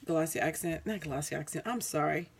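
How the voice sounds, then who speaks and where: A woman's voice: low-pitched, brisk, gravelly, breathy edge. A woman showing her crafts in a casual, rambling vlog, tired, correcting herself with plenty of ums, recorded at home on a camera mic. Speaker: craft vlogger. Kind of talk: casual show-and-tell.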